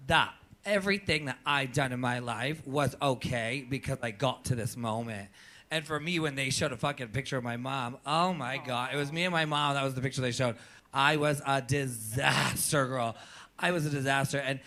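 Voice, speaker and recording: Bright, emotional drag performer man. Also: mid-range voice. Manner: emotional, swears often, repeats himself. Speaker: drag performer on a viewing-party panel. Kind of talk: casual chat.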